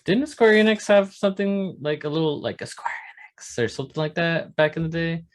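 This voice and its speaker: A man's voice: fairly high pitch, animated, fairly quick. A young man co-hosting a gaming podcast, laid-back and wry, swearing casually. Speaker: podcast co-host. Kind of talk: casual chat.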